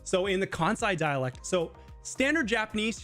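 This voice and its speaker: A man hosting a live teaching stream talks through his points in a loose, chatty way, leaning on lots of filler words. His voice sits a little on the high side. Faint music plays behind him. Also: animated, normal speed, few pauses, a bit bright. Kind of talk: casual live Q&A explanation. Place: living in Japan.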